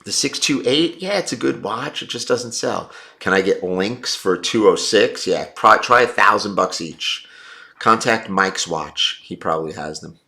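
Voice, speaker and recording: A man's voice: lowish voice, animated, measured pace, creaky, pushed and bright. A man hosting a livestream, reading viewer comments and giving blunt, opinionated takes. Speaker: livestream host.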